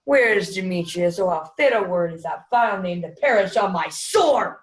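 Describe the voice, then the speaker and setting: A woman's voice: high-pitched, expressive, normal speed. A young woman playing an impulsive, ardent young man, speaking earnest verse in an amateur student Shakespeare performance over an online call. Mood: passionate. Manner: earnest verse delivery, often soft. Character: ardent young male lover, impulsive and fickle. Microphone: video call.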